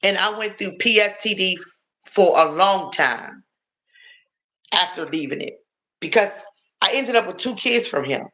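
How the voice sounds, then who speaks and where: Slow, bright-voiced woman sharing her story. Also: mid-range voice, expressive. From Washington, D.C. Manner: earnest, confiding, addresses viewers directly. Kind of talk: emotional personal testimony on a livestream.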